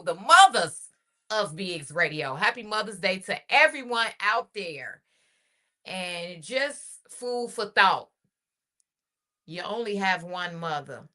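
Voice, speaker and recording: A woman's voice: mid-range voice, sharp tone. A woman hosting a radio podcast in casual solo talk, heartfelt and chatty, often repeating her phrases.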